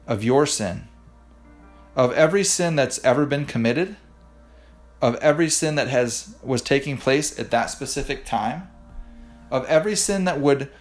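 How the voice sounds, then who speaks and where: A man preaching a devotional podcast sermon, earnestly guiding listeners through a hands-on exercise, often restarting his words. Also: mid-range voice. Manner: frequent restarts and repeated words. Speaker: pastor. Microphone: podcast microphone.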